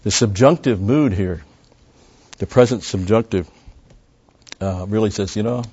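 A man's voice: fairly low pitch, a little slow, breathy edge. A man preaching a sermon, teaching through scripture and leaning hard on key words to stress them. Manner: emphatic, surges louder on key words; teaching, with fillers and restarts. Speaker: pastor. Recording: dull, lo-fi recording.

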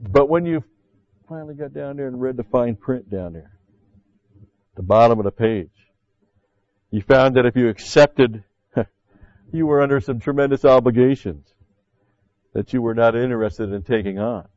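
A man's voice: mid-range voice, moderate pace, long pauses, a little mellow, no room sound, muffled recording. A man preaching a sermon as pastor, talking conversationally with frequent "see" asides and rising emphatically when he quotes scripture.

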